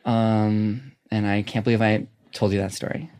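A man in his forties chatting as a guest, telling stories in an excitable, rambling way full of restarts. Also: on the low side, moderate pace, smooth. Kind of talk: casual podcast chat.

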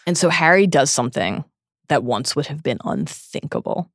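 Earnest gravelly woman podcast host. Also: low-pitched, expressive, moderate pace, no echo, studio quality. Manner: earnest, dramatic reading. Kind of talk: podcast book recap.

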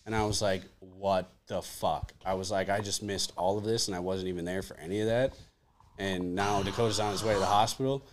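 Low-voiced young man telling a story. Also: steady tone, fairly quick. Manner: rambling, profane, acts out his own lines. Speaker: podcast host. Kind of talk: casual storytelling. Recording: faint background noise.

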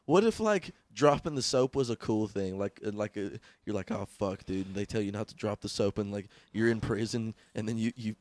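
A man's voice: on the low side, fairly quick, hardly any pauses, darkish tone, no echo. A man co-hosting a comedy podcast, giggling through his bits and acting out quoted voices. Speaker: podcast co-host. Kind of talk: casual comedic banter.

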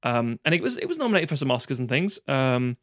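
A man's voice: mid-range voice, sing-song, fast, a bit bright, dry recording, studio quality. A man, co-hosting a podcast, rambling and restarting often and swearing casually. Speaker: podcast co-host. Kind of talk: casual film discussion.

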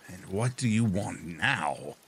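A man voicing a stern, cold old witch in a storybook tale, speaking slowly in archaic phrasing. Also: deep voice, animated, a bit bright, slight background noise, full character voice. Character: stern, ancient woodland witch.

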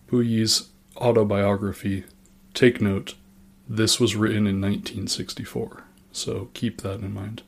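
Male history narrator, low and level delivery, dry wry asides.

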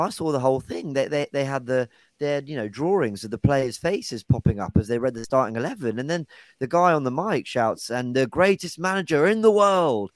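A male podcast host talks in a relaxed, chatty way, bringing his co-hosts in one by one. His voice sits at an ordinary middle pitch. The recording is close and dry. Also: no room sound. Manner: chatty, hands the floor to others. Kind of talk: casual football podcast chat.

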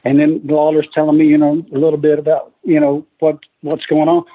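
Male guest, husky and a little high, lively storyteller, heard over a tinny line. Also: brisk. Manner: animated storyteller acting out quoted lines. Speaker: guest, retired wrestler. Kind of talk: casual storytelling.

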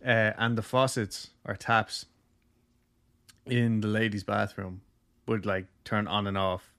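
A man's voice: lowish voice, flat delivery, slow pace, a bit bright. A man hosting a podcast, casually telling a ghost story with lots of jokes and filler words. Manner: loose, jokey, heavy use of "like".

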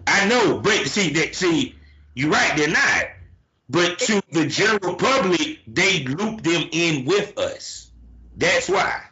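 Bright-voiced man telling animated stories. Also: on the high side, slow. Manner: animated storyteller who repeats "but see". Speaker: podcast host. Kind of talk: casual conversation. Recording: dull lo-fi recording.

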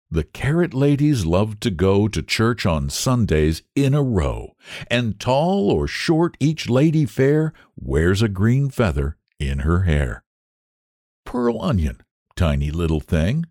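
A man reading a children's rhyme book aloud as a storyteller, in an animated, sing-song manner. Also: lowish voice, no echo, studio quality.

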